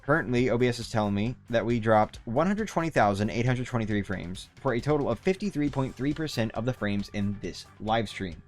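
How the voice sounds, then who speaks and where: A man's voice: medium pitch, animated, fairly quick, hardly any pauses, soft background music. Rambling young man streaming a game. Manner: rambling, swears often, trails off and restarts. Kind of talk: casual gaming livestream chat.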